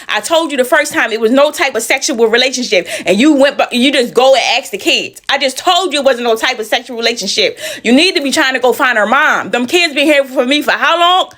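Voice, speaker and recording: A woman's voice: high voice, expressive, fast, hardly any pauses, a bit bright. A woman telling a personal story in a casual storytime style, emphatic and repeating phrases for effect.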